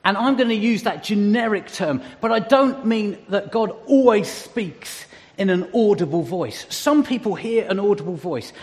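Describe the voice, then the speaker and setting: Middle-aged male preacher, high voice, chatty with light jokes, long hall reverb. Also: lively intonation, normal speed, a little mellow. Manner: conversational with humorous asides. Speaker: church speaker. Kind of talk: sermon.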